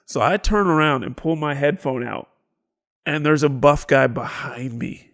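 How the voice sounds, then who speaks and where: Gravelly, animated man telling stories. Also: on the high side, a little slow. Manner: animated storyteller, acts out quotes, sudden whispers and shouts. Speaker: podcast co-host. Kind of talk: casual storytelling chat.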